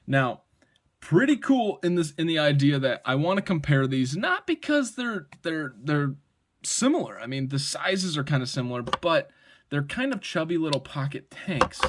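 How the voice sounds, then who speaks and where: A man's voice: a little high, very animated, normal speed. A man casually reviewing a pocket knife on camera, enthusiastic and rambling, often tagging "right?" and swearing mildly.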